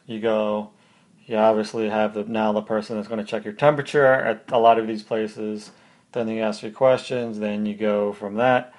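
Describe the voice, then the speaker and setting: A man hosting a podcast, telling a personal story in a casual, conversational way, step by step. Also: on the low side. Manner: conversational, recounts events step by step. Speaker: podcast host.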